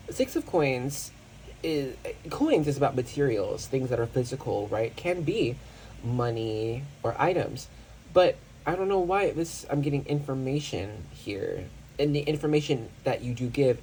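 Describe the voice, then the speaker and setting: Mellow-voiced tarot reader thinking aloud. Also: medium pitch, a little hiss or hum, rough recording. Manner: searches for words, with many fillers and restarts. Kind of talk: casual pick-a-card tarot reading.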